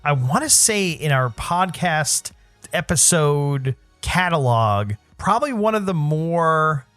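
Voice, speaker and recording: A man co-hosting a podcast in casual chat, jokey and quick to say yeah. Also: a little high, no echo, soft background music. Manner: animated, jokey, frequent yeah backchannels. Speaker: podcast co-host.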